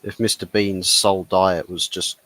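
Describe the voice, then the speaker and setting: A man's voice: low-pitched, flat delivery, normal speed, a bit bright, no echo, low-quality recording. A man on a football podcast panel, chatting casually in a rambling, jokey way over a video call. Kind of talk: casual chat.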